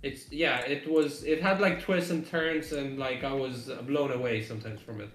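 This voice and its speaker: A man's voice: mid-range voice, steady tone, moderate pace, reverberant. A man co-hosting a game development live stream, chatting casually and rambling with lots of fillers and laughs.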